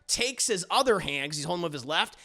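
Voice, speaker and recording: Animated, gravelly man recapping an episode. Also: high voice, fairly quick. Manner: animated, profane, laughing storytelling. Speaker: TV reviewer streamer. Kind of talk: casual scene-by-scene recap to a live chat.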